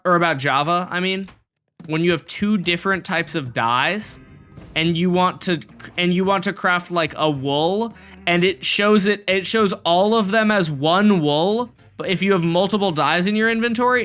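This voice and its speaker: A young man live-streams a block game and rambles goofily to his chat as he builds. His voice sits a bit high with a bright, forward edge, and faint music plays under him. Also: moderate pace, smooth. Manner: goofy, rambling, talks to chat while playing.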